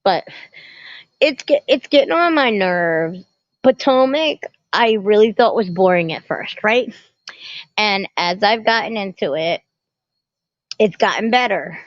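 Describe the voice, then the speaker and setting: A woman hosting a casual livestream from a family home, chatty and animated as she greets viewers by name and talks to her chat. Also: medium pitch, unhurried, pauses often, no room sound. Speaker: livestream host. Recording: muffled lo-fi phone audio.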